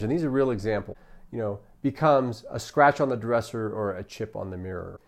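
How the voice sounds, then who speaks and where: A man's voice: lowish voice, a little fast. Man coaching staff on angry customers. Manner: coaching, repeats "right?" often, acts out customer quotes. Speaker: customer service trainer. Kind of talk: training lecture.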